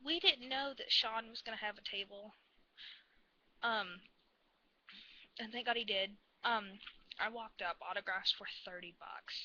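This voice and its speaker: A woman telling a story in a casual vlog, rambling and gushing like an excited fan. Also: medium pitch, muffled recording. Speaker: vlogger.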